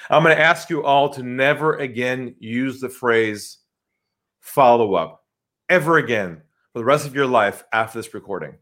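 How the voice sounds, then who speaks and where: In a medium-pitched voice at a moderate pace, a sales trainer answers an interviewer through vivid anecdotes, animatedly acting out phone conversations.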